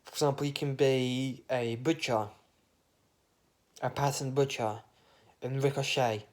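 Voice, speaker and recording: A man's voice: mid-range voice, fairly even intonation, measured pace, a little mellow. A man talks in a loose, meandering monologue with a mid-range voice. His train of thought wanders into absurd tangents, and swearing slips in offhandedly. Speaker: vlogger. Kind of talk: rambling comic monologue.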